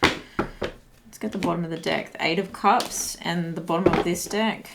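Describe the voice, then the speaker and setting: A woman's voice: fairly low pitch, steady tone, unhurried, vocal fry, heavy background noise. Slightly breathless woman reading tarot. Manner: musing, searching for words as she reads cards. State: slightly breathless, voice a bit shaky. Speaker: tarot reader. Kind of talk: intuitive tarot card reading.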